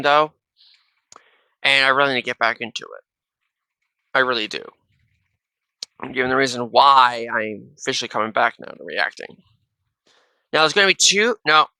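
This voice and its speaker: A male reaction video host chats casually to his viewers through a wireless gaming headset, his medium-pitched voice very bright, forceful, smooth and clear. He rambles, restarts sentences and tacks "though" onto almost everything. The sound is close and dry, with no room sound.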